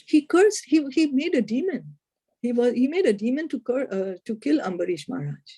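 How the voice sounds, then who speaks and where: A woman teaches a spiritual lesson, retelling a scripture story and drawing out its morals. She speaks in a warm, dark, slightly husky voice. She leans on rhetorical questions to draw her listener in. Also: on the high side, sing-song, a little fast, no echo.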